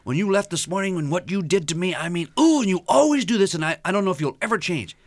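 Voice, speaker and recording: A man's voice: animated, fast, dry recording. A man voicing an upset wife who scolds her husband in a raised, reproachful tone. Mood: exasperated. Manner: high, reproachful, exasperated complaining.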